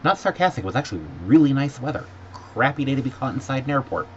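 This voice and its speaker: A man in a vlog ranting sarcastically about a bad trip, sometimes mimicking staff in a higher voice. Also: fast talker. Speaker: vlogger. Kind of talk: exasperated travel rant. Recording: dull lo-fi audio with faint background noise.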